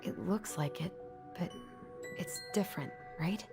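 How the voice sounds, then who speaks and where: A woman's voice: fairly low pitch, measured pace. A woman voicing a curious, level-headed young adult woman in a video game, questioning and practical, with game music behind.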